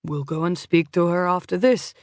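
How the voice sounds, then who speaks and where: A woman reading the lines of a calm, businesslike male ship's officer in an audiobook. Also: fairly low pitch, moderate pace, no echo, studio quality, lightly acted.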